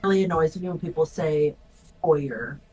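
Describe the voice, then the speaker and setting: A woman chats casually as a podcast guest, answering with playful, quick reactions. Her voice sits a little low for a woman. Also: expressive, no echo, rough recording.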